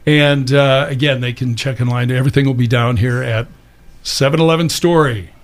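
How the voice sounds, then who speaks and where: A man's voice: mid-range voice, steady tone, moderate pace. A man hosting a casual interview, asking rambling friendly questions with plenty of fillers. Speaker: radio talk show host.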